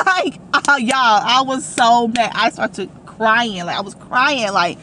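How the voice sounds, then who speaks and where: A young adult woman telling a personal story to her vlog audience in a casual, animated and emphatic way. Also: a little high, takes it slowly, a little hiss or hum. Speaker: vlogger.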